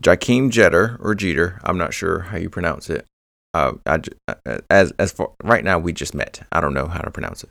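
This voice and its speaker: A man's voice: deep voice, fairly quick, vocal fry, a bit bright, no echo, studio quality. A man hosting a true crime podcast, rambling through the case with joking asides. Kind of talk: casual true crime narration.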